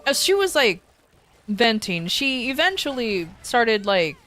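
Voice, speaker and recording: A woman's voice: a little high, unhurried. A woman streamer casually telling a long personal story, rambling with frequent restarts and voicing the people she quotes. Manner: animated when quoting others.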